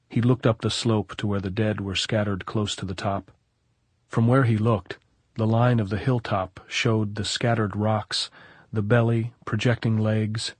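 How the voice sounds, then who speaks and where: A male audiobook narrator with a low, husky voice, reading in a steady, even way. The recording is dry and close, with no room sound. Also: no echo. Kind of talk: scripted narration.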